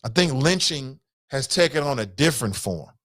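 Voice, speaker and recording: A man with a medium-pitched voice hosts a news commentary show at a moderate pace, with no echo. He gives blunt, profane opinions in a casual, animated chat style, speaking straight to viewers and calling them "fam".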